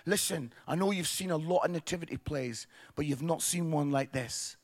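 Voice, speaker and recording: A man voicing a drama teacher confiding a promise in a low voice. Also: moderate pace.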